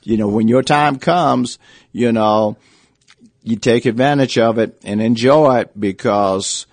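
Casting: older man, ex-coach guest, rambling and repetitive, medium pitch. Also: unhurried, no echo. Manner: rambling anecdotes, frequent restarts and "you know". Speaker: former basketball coach, guest. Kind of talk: casual storytelling interview.

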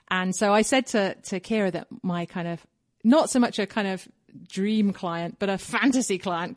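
A woman's voice: lowish voice, dry recording. Chatty woman with a dry close sound. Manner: chatty, laughs often, many fillers. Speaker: guest. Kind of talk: casual podcast interview.

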